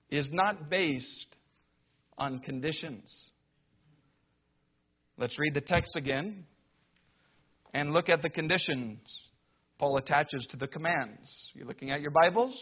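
Emphatic preacher man, slightly high voice. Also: slow pace, long pauses, slightly rough. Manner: emphatic, rising to loud declamation when quoting scripture; wry, sarcastic asides. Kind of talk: sermon. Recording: dull lo-fi sound.

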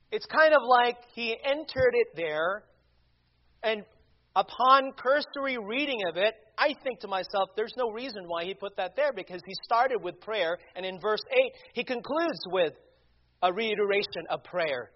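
A man's voice: sits high, animated, a little slow. A man preaching a sermon, emphatic, his volume swelling and dropping as he reads scripture and quotations. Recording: dull lo-fi sound.

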